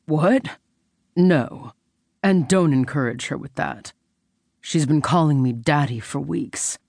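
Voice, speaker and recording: A woman narrator voicing a guarded tattooed man with a low, gravelly voice in an audiobook. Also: takes it slowly, a little mellow, dry recording, studio quality, heavily acted. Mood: earnest.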